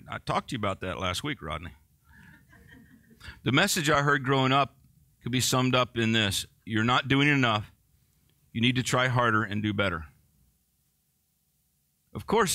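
A man's voice: mid-range voice, sharp tone, no room sound. A male pastor preaching a sermon in a conversational way, joking and poking fun at himself.

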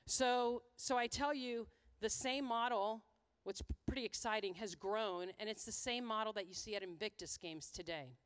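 A woman's voice: mid-range voice, normal speed, clean tone. Earnest American woman giving a conference talk. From USA. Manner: earnest, heartfelt storytelling with quoted dialogue. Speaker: conference speaker. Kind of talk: conference presentation with storytelling.

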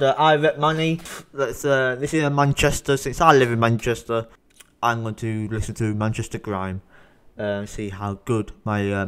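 A man's voice: medium pitch, clean tone. A man hosting a reaction video, rambling and blunt with plenty of swearing. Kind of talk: casual reaction commentary.

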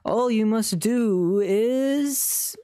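A man voicing a solemn old British mentor ghost, talking slowly and grandly with a put-on British accent that drifts toward Scottish. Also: high voice, dark tone, smooth, no room sound, studio quality, pitched above the performer's own voice. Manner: slow, grand, broken by coughing fits.

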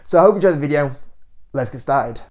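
Animated young man on camera. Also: a little high, fast. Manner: animated, incredulous, laughs often. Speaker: investing YouTuber. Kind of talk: casual to-camera commentary.

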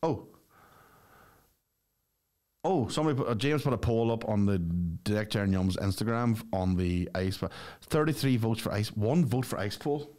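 A man's voice: fairly low pitch, animated, moderate pace, darkish tone. A man co-hosting a podcast, trading teasing, dry comebacks in casual comedy chat. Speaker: podcast co-host.

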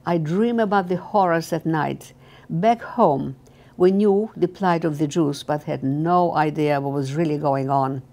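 A gentle, anxious young guard who talks softly and apologetically, voiced by an elderly woman reading from her memoir. His tone is low and earnest. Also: a little slow. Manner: soft, pleading, apologetic.

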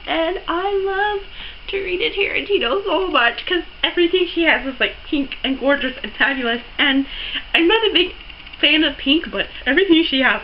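A young woman unboxing a surprise package on her vlog, gasping and gushing over every item in breathless excitement. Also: high voice, moderate pace, muffled recording, slight background noise. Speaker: beauty vlogger.

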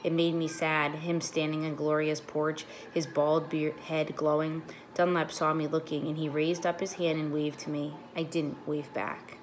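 Teacher reading to children: a woman with a low voice, clear and expressive, faint hum behind. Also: normal speed, hardly any pauses. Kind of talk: reading a children's book aloud.

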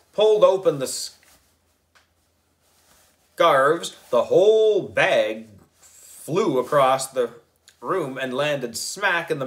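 A man reading a children's novel aloud, giving the lines animated, lively delivery. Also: medium pitch. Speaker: reader.

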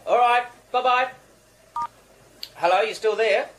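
An actor with a New Zealand accent playing a rambling, apologetic band manager juggling phone calls in a radio sitcom. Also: male voice, extremely high pitch, slow pace, fairly bright tone, a little hiss or hum, full character voice, low-quality recording. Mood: distracted. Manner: rambling, apologetic, easily flustered. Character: flustered male manager fielding phone calls.

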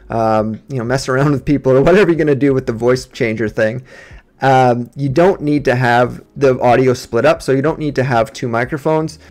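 A man who streams games, casually talking a viewer through software settings step by step on a USB desk microphone. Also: mid-range voice. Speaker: gaming streamer. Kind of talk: software setup tutorial.

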